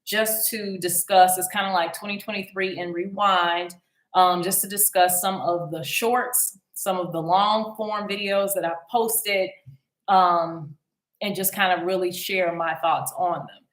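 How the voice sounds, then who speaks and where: A woman's voice: on the low side, steady tone, measured pace, a bit bright. A woman hosting a casual commentary vlog, rambling along with many ums and restarts. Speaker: YouTube commentary host. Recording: echoey room.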